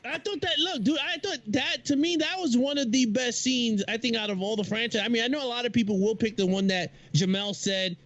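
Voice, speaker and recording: A man's voice: very high-pitched, a little fast, few pauses, muffled recording. A man chatting casually about movies on a video call, loose and rambling, acting out scenes and sound effects. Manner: animated, acts out movie lines and sounds; loose and rambling, with many restarts. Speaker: podcast guest.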